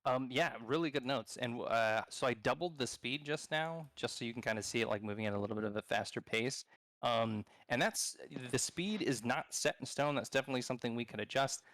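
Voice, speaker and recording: A man's voice: mid-range voice, brisk, fairly bright tone, no room sound. Mid-voiced male game developer, dry close mic; thoughtful, loose explainer. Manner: thoughtful, explaining, rambling with restarts. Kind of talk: casual live-stream working session.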